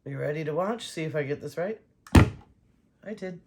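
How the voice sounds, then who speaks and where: A woman vlogging casually while she paints, excitable and talking to herself and her dog. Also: sits low, moderate pace, very noisy. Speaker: acrylic pour painting vlogger.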